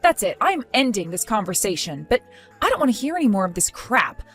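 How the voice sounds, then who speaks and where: A woman's voice: mid-range voice, sing-song, a little fast, a bit bright, faint music behind. A woman voicing a scornful mother-in-law. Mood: contemptuous. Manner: cutting, contemptuous scolding. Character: scornful middle-aged mother-in-law, harsh and accusing. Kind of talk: text-story drama acting.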